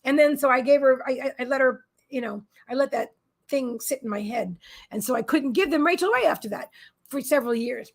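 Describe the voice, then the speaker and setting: A woman with a high voice, gravelly and a little husky, chatting from her desk at home. She hosts a psychic live stream and rambles casually between stories, often turning to talk to her pets. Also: a little fast.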